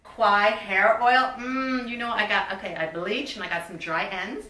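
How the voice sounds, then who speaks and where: Woman, 50s, bubbly beauty vlogger, bright voice, recorded a little far from the mic. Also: medium pitch, measured pace, reverberant. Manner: bubbly, chatty, reads product labels aloud. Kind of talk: casual unboxing chat.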